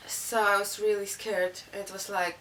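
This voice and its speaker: A woman's voice: medium pitch, level tone, unhurried, a bit bright. Young woman. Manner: rambling, many fillers. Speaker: interviewee. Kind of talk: casual storytelling. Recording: distant mic, faint room noise.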